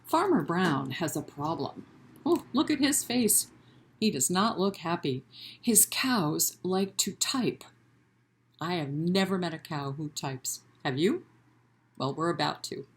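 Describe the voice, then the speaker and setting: A woman leading a children's library storytime, reading a picture book aloud in an animated way and inviting the children to chant along. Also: on the low side, slow. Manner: gentle and encouraging with children.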